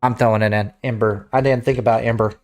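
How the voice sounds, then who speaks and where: A man hosting a casual gaming livestream, talking off the cuff with frequent restarts and throat-clearing. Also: medium pitch, steady tone, fast talker, faint music behind. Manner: rambling, self-interrupting, clears throat. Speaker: livestream host.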